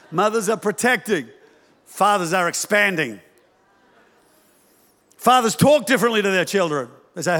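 High-voiced man preaching in a reverberant hall. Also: moderate pace, long pauses. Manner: animated, acts out parents' voices with humor. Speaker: pastor. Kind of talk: sermon.

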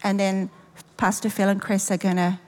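A woman's voice: mid-range voice, flat delivery, normal speed. A woman preaching a sermon in a church, making emphatic, repeated declarations and leading a closing prayer. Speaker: pastor, guest preacher. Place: large church auditorium. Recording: long reverb of a big church hall.

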